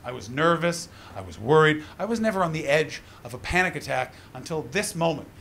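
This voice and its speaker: A man performing a stand-up comedy set, telling a story in an animated way, full of swearing and asides to the crowd. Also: on the high side, creaky. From Canada. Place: comedy venue stage with live audience. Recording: noisy live room with audience laughter.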